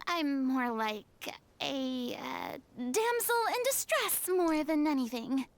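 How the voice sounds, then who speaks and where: A woman's voice: high-pitched, lively intonation, slow pace, full character voice. A woman voicing a dramatic, self-pitying former water goddess in game dialogue. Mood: theatrical.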